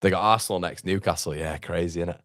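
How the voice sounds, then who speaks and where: Man, football fan streamer, deeper voice, reads viewer comments, reacts live. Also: fast, a bit bright, no echo, studio quality. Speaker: fan channel host. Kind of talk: live football watchalong chat.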